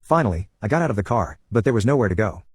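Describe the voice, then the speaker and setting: A man narrating a personal story in a steady first-person telling. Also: on the low side, rapid-fire, breathy edge, no room sound.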